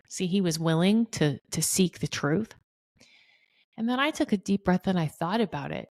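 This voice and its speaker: A woman's voice: lowish voice, lively intonation, normal speed, darkish tone. A middle-aged woman hosting a solo podcast, talking earnestly and speaking straight to her listeners. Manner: earnest, addresses listeners directly. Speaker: podcast host.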